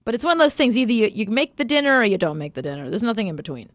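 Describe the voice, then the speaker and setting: A woman's voice: fairly high pitch, rapid-fire, dry recording, clean studio sound. A woman hosting a radio talk show, chatting casually and laughing often as she tells stories. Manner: animated storyteller, laughs often.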